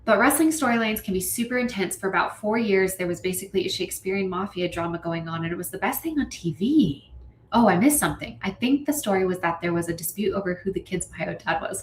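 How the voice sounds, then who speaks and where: A woman's voice: medium pitch, a little hiss or hum. Chatty woman streamer in a roomy room. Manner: animated, chatty, quick asides. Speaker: streamer hosting a writing session. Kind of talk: casual chat reading viewer comments. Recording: roomy echo.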